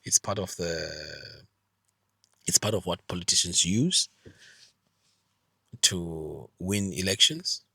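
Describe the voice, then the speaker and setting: Man from Zimbabwe, middle-aged, husky, dry close sound, earnest vlog talk. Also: fairly low pitch, pushed and bright, no room sound. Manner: earnest, emphatic, repeats points. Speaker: vlogger. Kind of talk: earnest direct-to-camera monologue.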